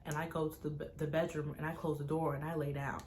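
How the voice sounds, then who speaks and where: A young woman, a vlogger, recounting a personal story to camera in an animated, tense way, full of fillers. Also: low-pitched, fast, a little hiss or hum. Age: young adult. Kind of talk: casual storytime vlog.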